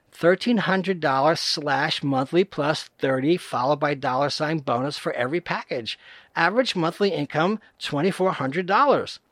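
A man reading scam emails aloud in a deadpan, mocking way, speaking every punctuation mark and space. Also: on the high side, no echo, clean studio sound. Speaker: comedic reader.

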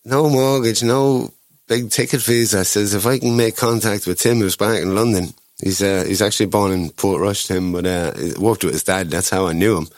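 A man's voice: lowish voice, steady tone, normal speed, no room sound. An Irish man, a guest, telling a rambling story with lots of restarts and acted-out quotes. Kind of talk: casual anecdotal storytelling.

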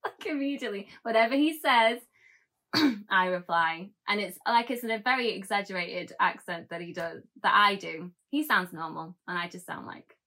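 A woman's voice: medium pitch, moderate pace, sharp tone. A woman being interviewed in a casual chat, giggling often and poking fun at herself. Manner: giggly, self-deprecating. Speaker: interview guest.

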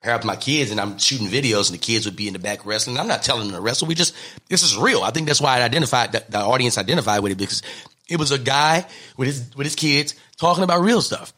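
A middle-aged male comedian tells stories in an interview, his pitch leaping as he acts out the people he quotes. His voice is bright but husky. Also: animated, quick pace. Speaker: comedian and guest. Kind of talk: animated storytelling in an interview.

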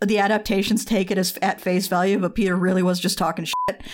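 A woman's voice: mid-range voice, animated, moderate pace, noisy background. A woman co-hosting a casual movie chat, recapping the plot drily and swearing casually. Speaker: podcast co-host.

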